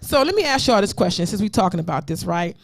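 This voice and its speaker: A woman's voice: medium pitch, fast talker. A woman co-hosting an uncensored talk show, talking bluntly and with plenty of profanity. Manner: blunt, profane, animated storytelling. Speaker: podcast co-host. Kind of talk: uncensored casual chat.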